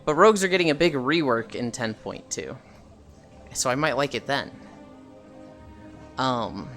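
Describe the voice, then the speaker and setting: A man's voice: mid-range voice, lively intonation, measured pace, a bit bright, soft background music. A man streaming while walking, chatting casually about a video game with lots of fillers and casual swearing.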